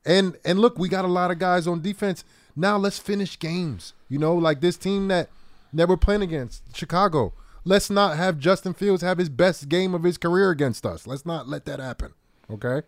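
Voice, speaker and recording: A man's voice: high-pitched, moderate pace, dry recording. A man who used to play football, talking casually on a sports talk show, often repeating phrases and saying "like.". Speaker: former football player co-host.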